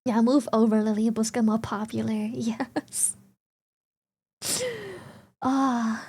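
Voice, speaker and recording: A woman's voice: on the high side, steady tone, takes it slowly, darkish tone, husky. A young woman streamer from Germany or the Netherlands, chatting casually with viewers, giggling often and swearing freely. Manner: giggly, swears freely, reads chat aloud.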